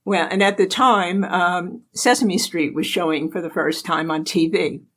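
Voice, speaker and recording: An older woman from the United States speaks as an interview guest, sharing anecdotes from her life. Her talk is chatty and relaxed, often broken by easy laughter. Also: fairly low pitch, measured pace, rough recording. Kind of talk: casual storytelling interview.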